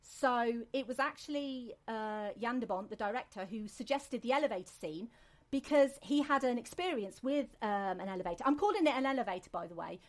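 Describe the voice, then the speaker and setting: A woman's voice: on the high side, expressive, fairly quick. Rambling British woman podcaster. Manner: chatty, rambling with many ums and restarts. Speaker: podcast host. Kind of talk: casual chat.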